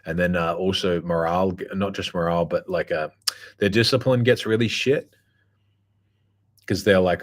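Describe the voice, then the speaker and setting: A man's voice: low-pitched, fairly even intonation, moderate pace. A man talking in a casual, rambling monologue, blunt and profane, full of fillers and restarts. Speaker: podcast host.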